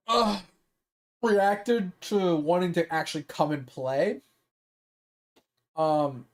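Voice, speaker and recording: The speaker, a gaming streamer, has a high voice with a darkish tone. Chatting casually on his live stream, he rambles, fills his speech with "like" and "um," and sometimes swears.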